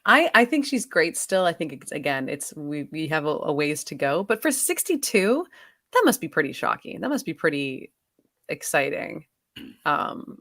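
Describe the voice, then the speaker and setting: A woman co-hosting a casual film podcast, expressive and often hesitant, gasping and laughing. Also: low voice, moderate pace, no room sound, clean studio sound. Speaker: podcast co-host.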